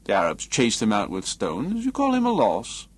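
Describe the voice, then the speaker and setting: A man's voice: medium pitch, huge pitch swings, normal speed. Man voicing a sardonic male painter, dismissive, cutting, audiobook character.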